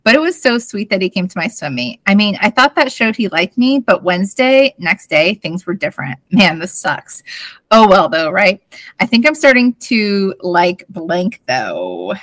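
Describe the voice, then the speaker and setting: A woman's voice: mid-range voice, very animated, moderate pace, fairly bright tone, dry recording. Giggly woman reading old notes aloud. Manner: giggly, bubbly, laughs between lines. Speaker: podcast co-host.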